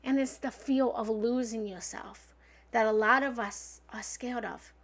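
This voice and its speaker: A woman giving a livestream self-help coaching talk as a spiritual love coach, blunt and emphatic, swinging from loud bursts to soft asides. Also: on the high side, fairly even intonation, unhurried. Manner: blunt, occasionally swears.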